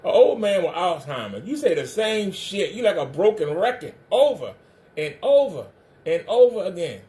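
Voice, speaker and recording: A man's voice: sits high, big pitch swings, moderate pace, dark tone. A man hosting a livestream, ranting confrontationally and hammering the same pointed questions. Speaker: livestream commentator.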